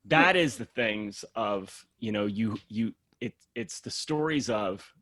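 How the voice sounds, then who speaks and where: A man's voice: on the low side, slow, no room sound, studio quality. A man guest on a podcast, telling a story in casual talk and acting out the lines of the people in it. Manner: animated storyteller acting out dialogue.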